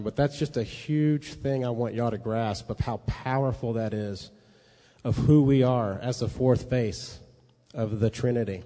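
A man's voice: medium pitch, warm tone. A man teaching a sermon in a conversational way, often checking in with his listeners. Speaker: preacher. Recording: long reverb of a hall.

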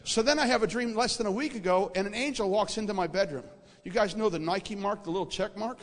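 A man preaching a sermon, telling a dream in an animated storytelling way that repeats words for emphasis and checks in with his audience. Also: high voice, fast talker. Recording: reverberant hall.

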